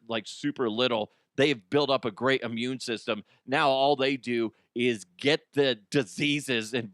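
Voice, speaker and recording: A man's voice: medium pitch, fairly bright tone, dry recording, clean studio sound. A man hosting a comedy podcast, rambling and self-mocking with crude jokes while a little sick with the flu. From Colorado. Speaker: podcast host. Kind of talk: rambling comic monologue.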